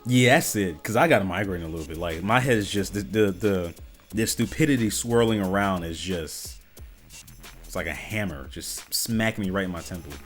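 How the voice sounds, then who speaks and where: A man's voice: low-pitched, normal speed, faint music behind. A man giving reaction commentary on clips, exasperated and incredulous, firing off rhetorical questions.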